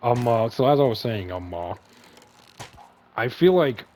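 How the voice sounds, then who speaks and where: A man's voice: medium pitch, lively intonation, measured pace, mellow, slight background noise. A man hosting a casual chat stream, rambling with lots of fillers and heavy swearing. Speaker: podcast host and streamer.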